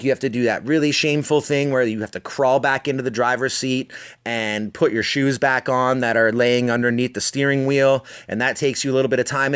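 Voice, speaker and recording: A man at a middle pitch hosts a podcast alone, spinning a long story in a loose, meandering way. He swears nearly every sentence and mocks himself as he goes, now and then slipping into voices for the people in the story. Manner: swears constantly, rambling, self-mocking; slips into voicing people in his anecdotes. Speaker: podcast host. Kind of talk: profane storytelling monologue.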